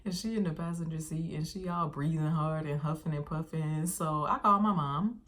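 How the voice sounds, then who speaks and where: A woman's voice: low voice, moderate pace, a bit bright. A woman vlogger telling a casual storytime, chatty and slangy, talking straight to her viewers.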